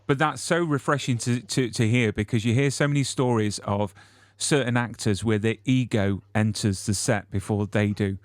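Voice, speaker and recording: A man interviewing a guest, answering with reflective, measured comments. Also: mid-range voice, dry recording. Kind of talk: interview reply.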